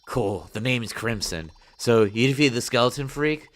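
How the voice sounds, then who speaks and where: A man's voice: mid-range voice, animated, normal speed, close to an everyday voice. A man voicing a brash young game character, reading the dialogue boxes aloud with a cocky, punchy delivery.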